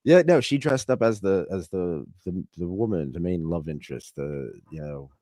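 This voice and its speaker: Deep-voiced, effusive male podcast host. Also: expressive, moderate pace, mellow, dry recording, studio quality. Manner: effusive, gushing with thanks. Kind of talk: casual interview chat.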